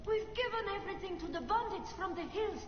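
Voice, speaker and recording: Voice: very high voice, fairly quick, dull audio, background noise. An actor voicing a young Egyptian child who pleads for help in a video game. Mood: pleading. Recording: game audio picked up from speakers, echoey and far off.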